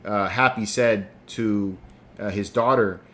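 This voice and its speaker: A man's voice: fairly low pitch, fairly even intonation, slow pace, fairly bright tone. A man co-hosting a casual show review, talking earnestly and emphatically, with casual swearing. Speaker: podcast co-host.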